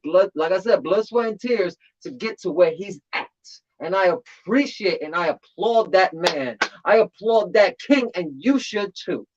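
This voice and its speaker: A man in casual commentary on a battle rap tournament, talking in an animated way and repeating phrases for emphasis. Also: fairly high pitch. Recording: slightly dull lo-fi audio.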